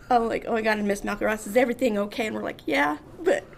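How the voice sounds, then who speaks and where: A woman's voice: fairly high pitch, fast talker, vocal fry. A woman in her fifties, a podcast guest telling a funny story and acting out other people's lines. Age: 50s. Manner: animated storyteller, acts out others' lines, laughs often. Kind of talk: casual storytelling.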